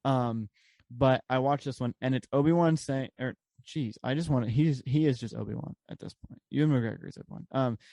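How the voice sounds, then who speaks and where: A man's voice: mid-range voice, darkish tone, no echo. A man co-hosting a podcast in casual chat, rambling with lots of fillers and laughs. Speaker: podcast co-host.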